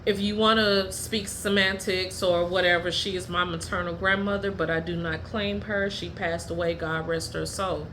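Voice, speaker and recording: Blunt, heated woman podcaster with a bright voice. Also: steady tone, normal speed, few pauses, slight background noise. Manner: drops low and quiet when telling family matters. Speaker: podcast host. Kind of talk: candid personal storytelling.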